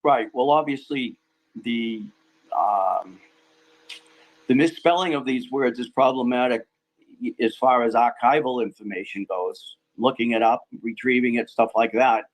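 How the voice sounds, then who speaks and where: A man's voice: mid-range voice, measured pace, rough recording. A man speaking as a guest in a casual podcast discussion, hesitant, with many ums and restarts.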